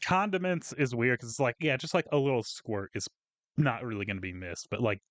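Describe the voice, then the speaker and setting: Male co-host, profane storyteller, middle pitch, dry close recording. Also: brisk, no echo. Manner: profane, ranting storyteller acting out coworkers. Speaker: podcast co-host. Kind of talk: casual venting chat.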